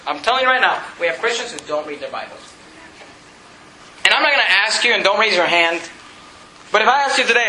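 A man pastor preaching a sermon with emphatic repetition, reading scripture slowly and deliberately. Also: sits high, expressive, pushed and bright, roomy sound, slight background noise, low-quality recording. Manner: emphatic preaching, repeats scripture references, reads King James verses slowly. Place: church.

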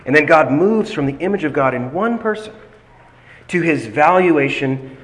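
A man preaching an expository sermon, deliberate and emphatic, slowing down to stress key phrases. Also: fairly high pitch, lively intonation. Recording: long hall reverb.

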